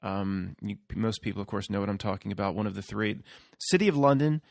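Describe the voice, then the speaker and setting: A man's voice: on the low side, completely flat delivery, fast talker, creaky, dry recording, studio quality. A man hosting his own channel, talking casually in a rambling solo monologue full of restarts and fillers. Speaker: YouTube channel host.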